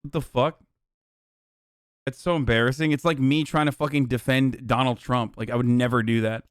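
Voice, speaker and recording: A man's voice: mid-range voice, steady tone, moderate pace, clear, resonant tone, no echo, studio quality. A man hosting a live stream, talking casually and sarcastically with lots of swearing. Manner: profane, sarcastic. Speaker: streamer host.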